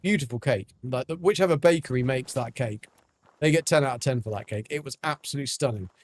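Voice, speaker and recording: A man's voice: mid-range voice, fast. A man from Devon, chatting casually on a game livestream, rambling with lots of ums. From England, Devon. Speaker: game streamer. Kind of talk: casual livestream chat while gaming.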